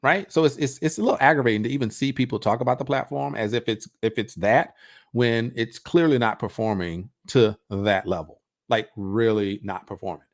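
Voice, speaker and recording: A man's voice: medium pitch, a little fast. A man coaching on a livestream, talking casually to his audience, repeating words and firing off rhetorical questions. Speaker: coach hosting a livestream on passive income.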